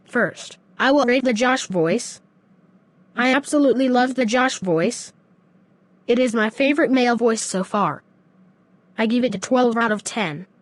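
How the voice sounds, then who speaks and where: A text-to-speech woman with a somewhat high voice and a flat, even delivery. The sound is dry and close, with no room around it. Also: a little slow, long pauses, dry recording.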